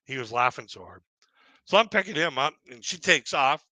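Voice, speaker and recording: His mid-range voice has a sing-song lilt and a sharp tone as this Canadian stand-up comedian, at a moderate pace, rambles through self-deprecating stories on a live stream and chuckles at his own punchlines. The recording is dry.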